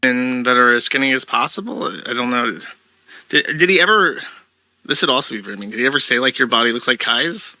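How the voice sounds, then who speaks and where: A man asking interview questions in a halting, tentative way. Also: medium pitch, bright, forceful tone, no echo, low-quality recording.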